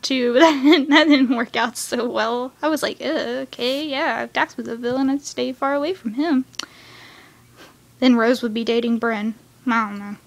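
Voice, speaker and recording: Young woman ranting fast about a cartoon, high voice, yelps and rambles. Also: gravelly. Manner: gushing, rambling, acts out characters with sudden high cries. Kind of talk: excited fan rant about a cartoon episode.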